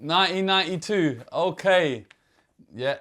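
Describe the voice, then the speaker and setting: A man hosting a casual interview, full of excitable, slangy banter. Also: fairly high pitch, unhurried. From England. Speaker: host.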